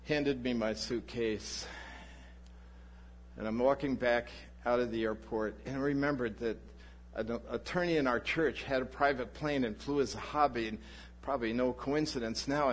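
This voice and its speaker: Male preacher, husky mid-pitched voice, lively storytelling sermon. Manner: animated anecdote, voices the people in his story. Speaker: pastor.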